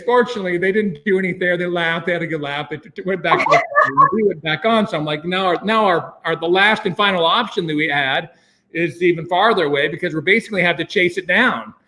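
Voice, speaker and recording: An American man casually telling a long story, acting out his own thoughts in a rambling, animated way. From United States. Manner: animated, acts out his own past thoughts with sudden jumps in pitch; rambling, with many fillers and restarts.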